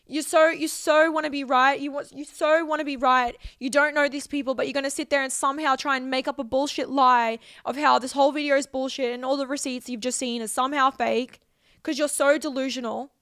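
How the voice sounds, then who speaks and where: A young woman pours out a heated, profane, emotional vlog rant straight to camera. Her voice sits high and carries a gravelly fry. The sound is close and dry, with no room echo. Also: fairly even intonation, fast, fairly bright tone. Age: 20s.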